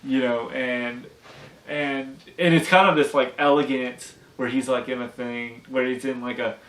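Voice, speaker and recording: A man's voice: medium pitch, fairly even intonation, unhurried, a bit bright. Rambling man recapping a cartoon episode. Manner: rambling, restarts a lot, acts out character quotes. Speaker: podcast co-host. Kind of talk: casual episode recap chat. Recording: echoey room, mic at a distance.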